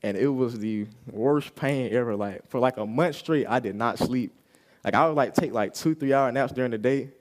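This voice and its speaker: Young man, personal testimony, youth service, casual storytelling, acts out quotes, mid-pitched voice. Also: normal speed.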